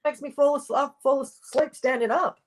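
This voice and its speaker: A woman's voice: high-pitched, steady tone, moderate pace. A woman in a casual conversation, speaking earnestly and with opinion.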